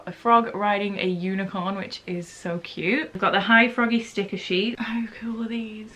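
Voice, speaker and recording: A woman's voice: mid-range voice, steady tone, normal speed, a bit bright. Chatty young woman vlogging at home. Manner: chatty and emotional, laughs often. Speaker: vlogger and market organiser. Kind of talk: casual vlog talk to camera. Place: home, indoors.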